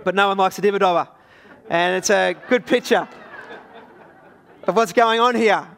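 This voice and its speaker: High-voiced Australian preacher. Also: male voice, normal speed, creaky, a bit bright. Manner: conversational, illustrative storytelling. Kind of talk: sermon.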